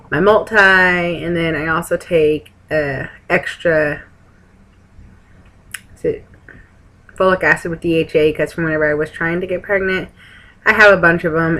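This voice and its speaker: Her voice sits low but has a fairly bright tone, heard through a rough recording. The speaker, a young Texan vlogger, talks casually and candidly to the camera at a friend's house, wandering off topic with sarcastic remarks.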